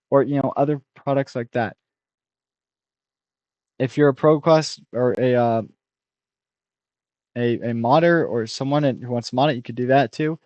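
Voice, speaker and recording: A young man in his twenties rambles through a casual reaction stream, blunt and critical, often restarting sentences. His voice sits in a middle pitch. It is recorded dry and close, with no room sound. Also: darkish tone, no echo. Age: 20s. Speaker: streamer reacting to a review video.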